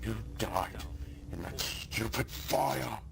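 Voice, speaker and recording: An actor playing a bitter, menacing man in a video game, speaking in a deep put-on British accent with a gravelly voice. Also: expressive, takes it slowly, fairly bright tone, slight background noise, full character voice. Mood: accusing.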